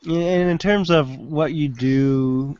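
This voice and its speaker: A man in a casual group chat, halting and restarting his sentences often. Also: on the high side, muffled recording, noisy background. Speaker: panel guest.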